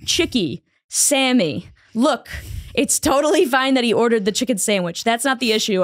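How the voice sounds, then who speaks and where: A woman's voice: a little high, dry recording, clean studio sound. A woman co-hosting a casual chat show, reading a letter aloud with frequent laughter and playful put-on voices. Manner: animated, laughs often, puts on silly voices. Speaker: podcast co-host reading a letter.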